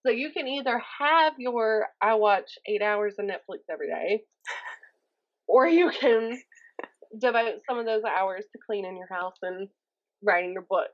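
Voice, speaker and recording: A woman from Mississippi with a Southern accent, a YouTuber chatting as a guest on a podcast, animated and self-mocking, acting out the voices she quotes. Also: mid-range voice, a little slow, lo-fi sound. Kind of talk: casual podcast chat.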